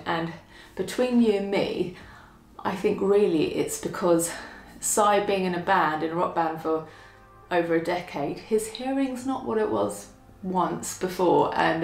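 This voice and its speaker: A woman chatting casually to camera about things she found for her home, self-deprecating and quick to laugh. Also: lowish voice, echoey room. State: out of breath from lifting. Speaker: vlogger showing a home haul. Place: at home, indoors.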